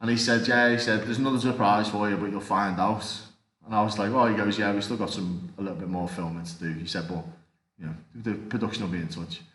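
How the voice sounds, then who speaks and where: A man, a martial artist and actor, telling animated anecdotes as an interview guest. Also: fairly low pitch, fast. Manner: animated anecdotes, acts out quoted voices. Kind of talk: casual interview storytelling. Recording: roomy echo.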